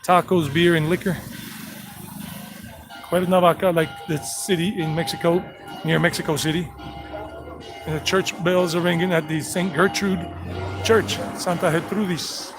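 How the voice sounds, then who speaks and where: This tour guide's voice is a little high and level in tone, a little slow, with long pauses. He's vlogging a playful, chatty walk around a town square and talks to animals. The audio is poor, with music and outdoor street noise underneath.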